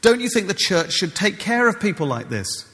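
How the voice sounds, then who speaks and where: A man's voice: high-pitched, big pitch swings, normal speed, fairly bright tone, big-room sound, pitched above the performer's own voice. A man voicing a frustrated churchgoing man who pleads in a raised voice. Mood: exasperated.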